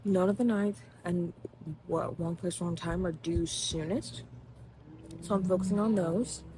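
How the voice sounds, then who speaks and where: A woman book vlogger talking casually to camera, excitable and dramatic, ranting with swearing. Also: on the low side, a little slow, background noise. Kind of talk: casual reading vlog.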